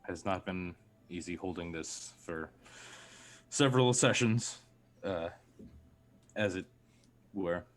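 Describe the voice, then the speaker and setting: A man's voice: low voice, slow pace, long pauses. A man speaking as a player in a tabletop role-play game, in earnest, lofty phrasing. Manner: earnest, lofty in-character speech.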